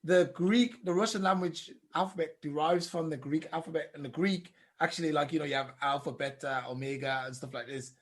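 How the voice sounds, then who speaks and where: A man's voice: on the high side, fairly quick, hardly any pauses. A man co-hosting a podcast in casual chat, who explains at length and tries out foreign phrases. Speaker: podcast co-host.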